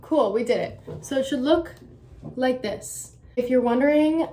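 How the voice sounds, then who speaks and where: A woman's voice: high voice, measured pace, warm tone, slight background noise. A young woman chatting casually through a hair tutorial as a beauty vlogger, rambling and self-mocking with lots of fillers. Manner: drifts into whispering at times.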